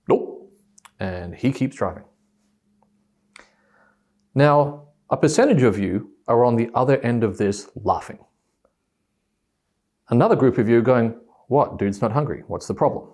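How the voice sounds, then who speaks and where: A man telling a story to an audience about communication styles, acting out both sides of a quoted argument. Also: medium pitch. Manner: animated, acts out both sides of quoted dialogue.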